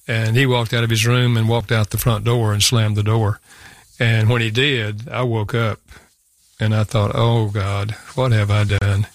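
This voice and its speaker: Earnest older man with a gravelly voice. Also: mid-range voice, no room sound, studio quality. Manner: earnest, halting, many restarts. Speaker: author and guest. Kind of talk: storytelling in a radio interview.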